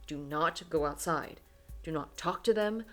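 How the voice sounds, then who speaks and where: A woman's voice: sits low, a little slow, a bit bright, faint music behind. A woman doing a stern, commanding grandpa. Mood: firm. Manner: firm, clipped orders.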